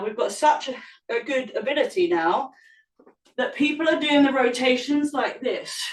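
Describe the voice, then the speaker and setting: A woman yoga teacher leading an online class, cueing poses and breaths and explaining as she moves, a little out of breath. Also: high-pitched. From England. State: slightly out of breath. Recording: echoey room, mic at a distance.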